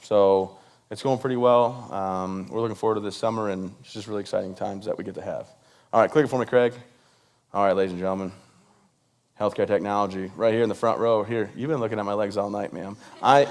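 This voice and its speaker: A man's voice: lowish voice, fairly even intonation, a little fast, a little mellow. Joking man giving a comic talk. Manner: joking, playful, acts out quoted voices. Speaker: event speaker. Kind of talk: comedic speech to a live audience.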